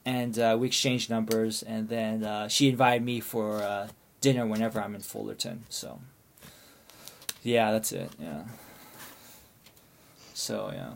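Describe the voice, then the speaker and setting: A man's voice: on the low side, measured pace, creaky, long pauses, a little hiss or hum. Rambling man telling a story. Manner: rambling, animated, many restarts. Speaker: storyteller asking for advice. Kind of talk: casual storytelling.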